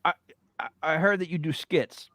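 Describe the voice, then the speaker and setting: A man hosting a casual paranormal talk show, excitable and stammering as he jumps between ideas. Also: on the high side, moderate pace, dry recording. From Italian-American. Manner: excitable, stammers and repeats words. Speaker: podcast host. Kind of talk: casual chat.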